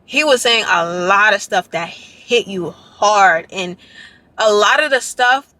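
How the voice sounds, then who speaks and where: Bright, excitable young woman vlogger. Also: medium pitch, slow, no room sound. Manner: excited, rambling, heavy on "like" and "y'all". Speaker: dance vlogger. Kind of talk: casual storytelling vlog.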